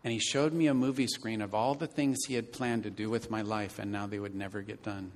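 A man in his fifties preaching a sermon, telling a personal story earnestly and moving between loud emphatic lines and quiet ones. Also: on the low side, fairly even intonation, fairly quick, a little hiss or hum. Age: 50s. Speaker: pastor.

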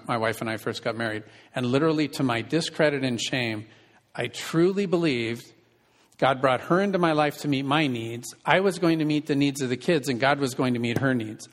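A man preaching a sermon as pastor and counselor, conversational and asking the congregation questions. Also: medium pitch. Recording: reverberant hall.

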